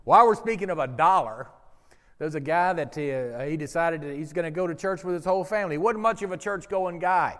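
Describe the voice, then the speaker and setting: Brief: higher-voiced male pastor, lively storyteller, long church reverb. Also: a little fast. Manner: animated storyteller, gets loud and drawn out for emphasis. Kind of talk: sermon with humorous stories. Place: church sanctuary with congregation.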